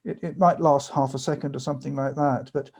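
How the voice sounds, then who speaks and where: A male guest author calmly explaining ideas in a measured way during an interview. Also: mid-range voice, gravelly, slightly rough. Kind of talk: interview conversation.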